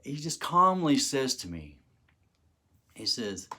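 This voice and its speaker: A man's voice: medium pitch, very animated, slow, long pauses, sharp tone. A middle-aged man telling a personal testimony, emotional and dramatic, acting out the quoted words. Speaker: testimony speaker.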